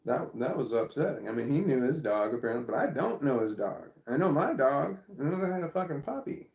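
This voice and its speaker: A man in the middle of a casual vlog story, rambling through it and swearing freely. His voice sits at an ordinary pitch and bounces around an echoey room. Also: sing-song, a little fast, a little mellow. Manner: rambling, repeats himself, swears often. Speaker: vlogger.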